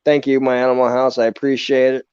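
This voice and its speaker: A man hosting a live reptile stream in relaxed, casual chat who says dude a lot. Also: medium pitch, fast talker, a little hiss or hum. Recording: dull, dry lo-fi stream audio.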